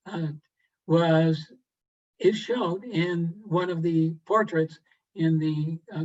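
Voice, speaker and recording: Male presenter, fairly high voice, easygoing storyteller who pauses with "uh" a lot, muffled video call audio. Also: a little mellow. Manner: unhurried, with frequent "uh" pauses and throat clearing. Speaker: guest presenter to a garden club. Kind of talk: relaxed storytelling lecture. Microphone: video call microphone.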